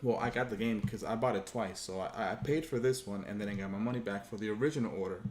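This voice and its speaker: A man's voice: lowish voice, quick pace, a little mellow, slight background noise. Frustrated man ranting, echoey room. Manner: frustrated, profane, rambling, acts out quoted dialogue. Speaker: gaming channel host. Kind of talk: casual storytelling rant. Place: home room, livestream.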